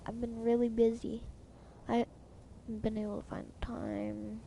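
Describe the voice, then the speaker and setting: An evasive young adult daughter who gives flat, defensive answers, voiced by a woman reading aloud with a gravelly, mellow voice. She keeps her replies short. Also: a little high, a little slow, slight background noise. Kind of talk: reading game dialogue aloud.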